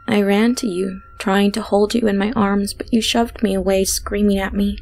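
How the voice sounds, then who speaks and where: A woman narrating a horror story in a hushed way, slipping into whispered passages. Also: mid-range voice, little pitch movement, moderate pace, vocal fry, few pauses, soft background music.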